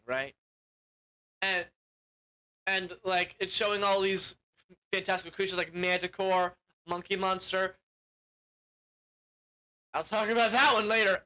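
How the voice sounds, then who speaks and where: A man's voice: high-pitched, pushed and bright, rough recording. A man giving a casual, rambling movie recap as a reviewer, full of fillers.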